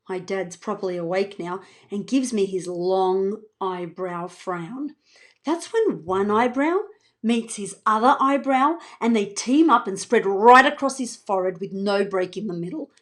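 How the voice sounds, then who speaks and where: A woman author reading her children's book aloud in an expressive, playful voice. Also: medium pitch, a little slow. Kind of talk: children's storybook read-aloud.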